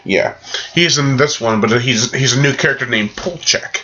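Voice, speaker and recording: A man's voice: medium pitch, moderate pace, sharp tone. A man casually reviewing a movie, rambling in a loose, jokey way. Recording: dull lo-fi recording.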